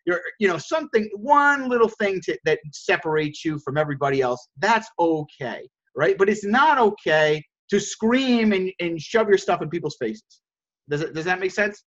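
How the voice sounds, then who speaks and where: A man's voice: sits high, expressive, moderate pace. A man leading a sales coaching call with his group. He stumbles over and repeats words and keeps checking in with "right?". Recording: dull lo-fi audio.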